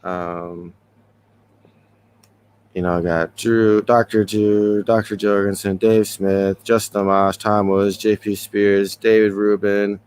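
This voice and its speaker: A man's voice: fairly low pitch, level tone, slow pace, a little mellow, smooth. A man hosting a casual podcast, talking loosely and rambling with frequent chuckles. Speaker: podcast host.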